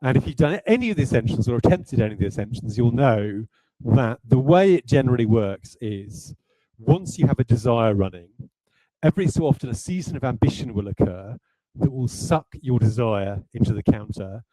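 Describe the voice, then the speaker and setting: A man's voice: mid-range voice, expressive, brisk, dark tone, dry recording, poor audio. A man, a game designer, talking through design ideas in a rambling, self-deprecating way with many hesitations. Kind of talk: livestreamed design talk.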